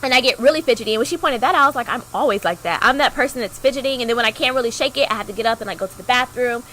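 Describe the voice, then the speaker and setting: A young woman co-hosts a podcast, chatting through a personal story in a loose, filler-heavy way. She acts out each quoted voice with sudden leaps in pitch. Her voice sits a bit high, with a sharp, bright edge. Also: racing, slight background noise, low-quality recording. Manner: animated, acts out quoted dialogue with big pitch jumps. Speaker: podcast co-host.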